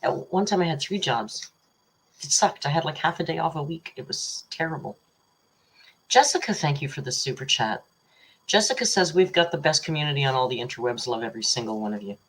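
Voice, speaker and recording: Low husky-voiced woman, chatty livestream host, rambling and teasing, reads super chats. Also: expressive, fairly quick. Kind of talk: casual live chat reading super chats.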